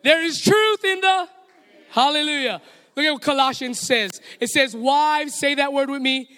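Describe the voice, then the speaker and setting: A man's voice: very high voice, pushed and bright, clear, resonant tone. A man with a Hawaiian accent preaching a sermon as pastor, playful and direct, calling on the congregation to repeat lines back to him. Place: church sanctuary. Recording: long hall reverb.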